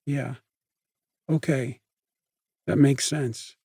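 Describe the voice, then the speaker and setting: A man voicing a perceptive teenage girl in an audiobook, with a husky voice. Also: medium pitch, steady tone, very slow, mellow, no room sound, clean studio sound, pitched above the performer's own voice, heavily acted. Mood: subdued.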